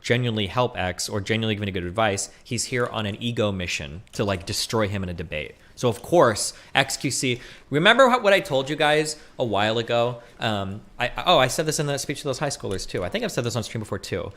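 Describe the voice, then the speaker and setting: A man streaming fast, heated commentary, arguing and swearing, with frequent "right?" and "okay?" tags. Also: fairly low pitch, expressive, a bit bright. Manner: argumentative, profane, rhetorical "right?" tags. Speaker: streamer debating online.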